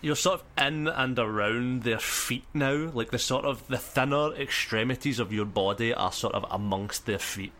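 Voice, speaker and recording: A man's voice: mid-range voice, normal speed, few pauses, bright, forceful tone. A man narrating as game master, rambling with many ums. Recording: music under the talk.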